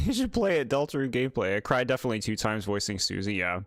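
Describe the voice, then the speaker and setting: Brief: male streamer, mid pitch, sarcastic and laughing, dry close mic. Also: very animated, fast talker, fairly bright tone, no echo. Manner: exasperated, sarcastic, laughs often. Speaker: gaming streamer. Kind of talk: casual live commentary.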